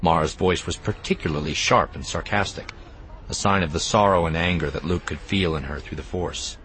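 A man narrating an audiobook in an expressive, even storytelling manner. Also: low-pitched, brisk, a little hiss or hum. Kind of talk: scripted narration.

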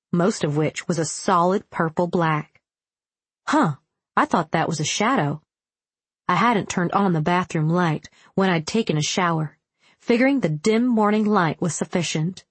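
A woman's voice: lowish voice, breathy edge, no echo. A young adult woman reading a first-person audiobook with a wry, self-deprecating tone.

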